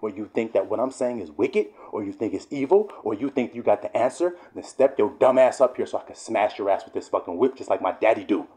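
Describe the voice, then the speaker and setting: A man preaching a fiery, profane sermon, swearing often and sometimes shouting. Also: lowish voice, a little fast, few pauses.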